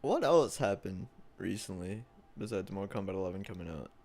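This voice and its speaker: A man's voice: deep voice, animated, a little fast, darkish tone. A young man co-hosting a podcast in loose, casual chat, joking around, swearing freely and laughing often. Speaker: podcast co-host.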